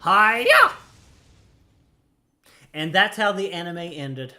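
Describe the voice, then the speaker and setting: A man chats casually over his video game playthrough and keeps cracking jokes as he goes. His voice is somewhat high and bright, with a forceful edge. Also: lively intonation, measured pace. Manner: jokey and playful, laughs often. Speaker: let's-play host.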